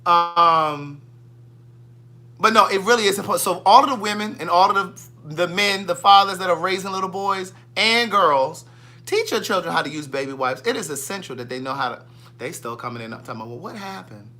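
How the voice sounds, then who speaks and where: A man with a Southern US accent hosting a casual livestream, chatting in a gossipy, animated way and reading viewer comments aloud. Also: high voice, quick pace, a little hiss or hum. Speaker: livestream host.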